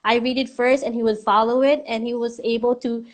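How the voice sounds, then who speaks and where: A woman from a church's children's ministry chats on a live stream. Her speech rambles with fillers and little laughs, and her voice sits somewhat high. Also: flat delivery, a little fast. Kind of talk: casual live-stream chat.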